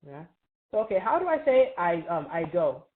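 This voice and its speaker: A woman with a low voice leads a grammar review class, pausing often to ask "right?" and draw answers from her students. Her voice comes through a narrow, tinny, phone-like line. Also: very animated. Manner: patient, quizzes students, frequent "right?" checks. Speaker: Arabic teacher. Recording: tinny phone-like online call.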